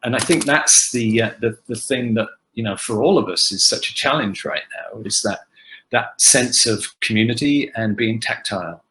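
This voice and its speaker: Older man, guest actor on a video call from home, lively storyteller, bright and forceful tone. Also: on the low side, moderate pace, slight background noise, rough recording. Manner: animated anecdotal storytelling. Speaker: guest actor answering fan questions. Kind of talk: casual virtual panel Q&A. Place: home kitchen.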